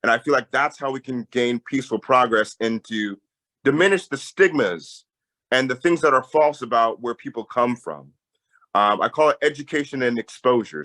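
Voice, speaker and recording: A young man, a peace campaigner, telling a story in a lively conversational way. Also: mid-range voice, poor audio. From Tacoma, Washington. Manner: animated storyteller, voice jumps up when excited.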